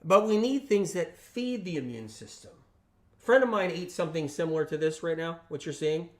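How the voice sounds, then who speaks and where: A health channel host with a notably high male voice talks on a casual livestream, speaking emphatically, repeating his points, and often checking in with tag questions. He slips into lively voices when quoting friends, and his delivery is brisk.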